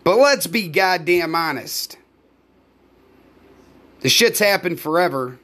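An American podcast host and live performer rants alone, heated and profane, in a slightly high, animated voice. He takes his time, speaking slowly with a fairly bright tone in this angry solo rant.

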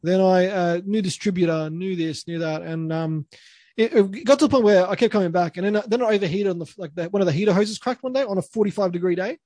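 Young Aussie bloke, high voice, dry close sound, chatty rambling host. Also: male voice, fast talker, warm tone, no room sound. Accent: Australian. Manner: rambling, many restarts and laughs. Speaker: podcast co-host. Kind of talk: casual storytelling.

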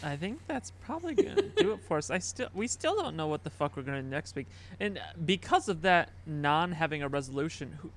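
Easygoing male podcast host, slightly high voice, relaxed sign-off energy. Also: brisk, few pauses. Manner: easygoing, wraps up the show. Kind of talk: casual chat.

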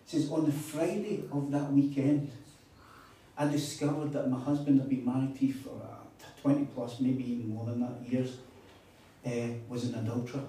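A man's voice: mid-range voice, level tone, normal speed, dark tone, slight background noise. A man preaching a sermon, telling stories with emphatic repeats. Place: hall at a retreat. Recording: echoey hall, mic far off.

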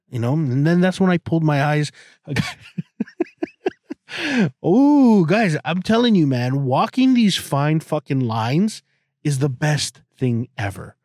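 A man's voice: a little high, very animated, takes it slowly, long pauses, a little mellow, dry recording, studio quality. A man in his thirties hosting a podcast, talking in a crude, profane, rambling way with many restarts. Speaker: podcast host. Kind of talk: casual podcast monologue.

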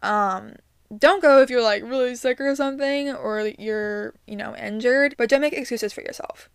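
A woman's voice: a little high, moderate pace, vocal fry, clear, resonant tone, no echo, studio quality. A young adult woman hosting her own podcast, giving casual upbeat advice with many ums and likes. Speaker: podcast host.

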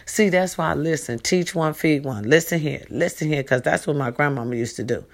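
A woman's voice: low voice, brisk. A middle-aged woman talking straight to her followers in a casual vlog, emphatic and repetitive, preaching and pleading in turns. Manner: emphatic, repetitive, preachy, calls viewers baby and y'all. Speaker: vlogger appealing to followers. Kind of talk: direct-to-camera casual appeal.

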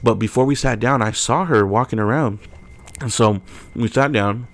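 A man's voice: medium pitch, normal speed. A young man, telling a story in a casual podcast chat and acting out the quotes. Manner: animated storyteller, acts out quotes loudly. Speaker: podcast co-host.

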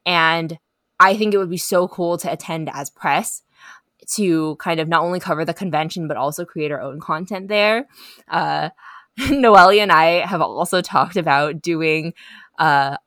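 A woman's voice: deep voice, a little slow, a bit bright, no room sound, studio quality. A woman co-hosting a casual podcast chat, earnest and rambling, often laughing between thoughts. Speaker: podcast co-host.

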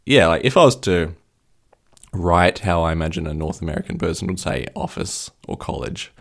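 A man's voice: low voice, animated, moderate pace, vocal fry. A man co-hosting a podcast in casual chat, asking probing, analytical questions. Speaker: podcast co-host.

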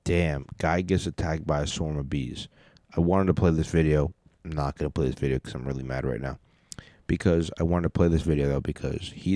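A man with an extremely deep voice rambles through a casual comedy podcast, swearing freely and poking fun at himself. He sits close to his mic at home, and the sound is dry and tight. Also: darkish tone, no echo. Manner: rambling, profane, self-deprecating. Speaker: podcast host. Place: home room at night. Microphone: mic turned up close.

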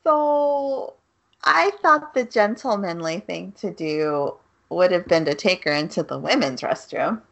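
A woman's voice: on the low side, expressive, unhurried, creaky. A woman co-hosting a casual podcast chat, giggling as she retells scenes and quotes the characters. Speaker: podcast co-host.

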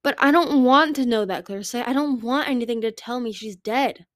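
A woman's voice: on the high side, moderate pace, no room sound, pitched above the performer's own voice, lightly acted. Woman reader doing a brooding young male dragon for a storybook, earnest and pleading, dry close sound.

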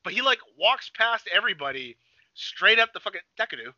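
A young man chatting on a podcast, excitable and swearing a lot, acting out scenes with sudden shouts. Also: sits high, fairly quick, no echo, lo-fi sound. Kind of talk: excited casual chat.

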